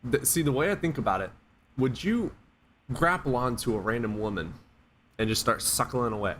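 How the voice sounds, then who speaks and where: A man's voice: medium pitch, lively intonation, moderate pace, a bit bright, a little hiss or hum. A man hosting a casual livestream chat, blunt and joking, swearing freely. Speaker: livestream host.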